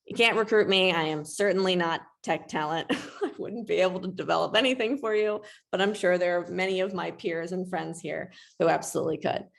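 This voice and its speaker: A woman presents a webinar in a casual, chatty way, with frequent self-deprecating asides. Her voice sits low and has a gravelly fry running through it. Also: a little fast.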